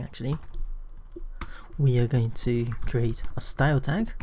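A man giving a screen-recorded coding tutorial, thinking aloud in an unhurried way with frequent fillers. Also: mid-range voice, warm tone. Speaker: programming tutor.

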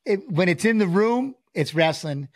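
A man's voice: high voice, expressive, moderate pace, no room sound. A middle-aged man, a guest and volunteer coach, telling stories in casual chat and acting out quotes. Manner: storytelling, acts out quotes of his son and himself. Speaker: guest, former fighter; volunteer high school coach.

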